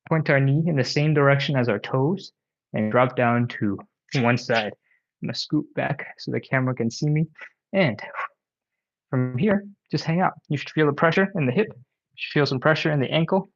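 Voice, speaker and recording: A man of medium pitch leads a home stretching session, counting reps and talking through each move in an easygoing, encouraging way. He sounds slightly winded from the exercise, and the recording is a little dull and lo-fi. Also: moderate pace. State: out of breath. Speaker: stretching instructor. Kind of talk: live workout instruction. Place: home workout space.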